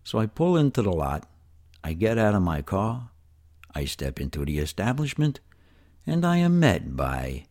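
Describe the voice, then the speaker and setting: Speaking directly to you, an older man from New York City narrates his own life with a folksy, chatty warmth and a New York accent. His voice sits low with a darkish tone, very animated yet unhurried.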